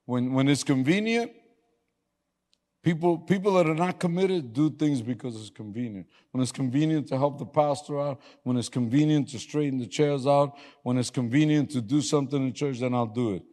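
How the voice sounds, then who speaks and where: A man preaching a sermon as pastor, telling lively stories, laughing and suddenly yelling for emphasis. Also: mid-range voice, moderate pace. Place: church sanctuary. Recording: long hall reverb.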